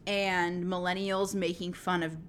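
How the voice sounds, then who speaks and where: A woman in her thirties co-hosting a podcast, chatting playfully in quick jokey banter. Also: fairly low pitch, little pitch movement, slight background noise. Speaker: podcast co-host. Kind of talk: casual chat.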